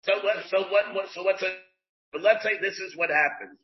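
A man, a rabbi, teaching a Talmud class, explaining slowly in English dotted with Hebrew and Aramaic terms, with many restarts. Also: high voice. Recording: dull lo-fi class recording.

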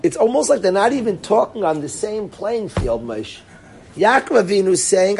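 A man teaching a Torah class on the weekly portion. He speaks straight to his students by name, keeps calling things fascinating, and acts out the quoted voices until he is shouting. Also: sits high, big pitch swings, moderate pace, creaky, slight background noise.

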